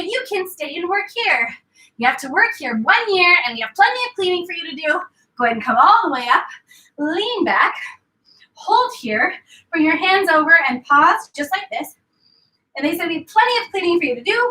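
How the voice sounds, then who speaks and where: A woman's voice: very high-pitched, sharp tone, recorded from a distance. A woman fitness instructor leading a class, telling a playful story and mixing it with exercise cues. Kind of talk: story-based workout class cueing. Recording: echoey room, voice from afar.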